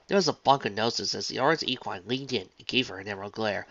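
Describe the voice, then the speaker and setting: A reader narrating a fan-written pony story in a lively, animated delivery, on a dull lo-fi recording. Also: mid-range voice, fast, hardly any pauses.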